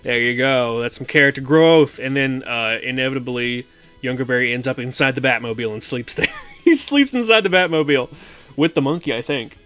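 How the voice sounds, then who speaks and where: A man talks on his stream, working through a film recap with plenty of ums, restarts and casual swearing. His voice sits at a middling pitch. Faint music plays quietly behind him. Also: brisk, clear, resonant tone. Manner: rambling, filler-heavy, swearing, acts out quotes. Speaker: streamer host.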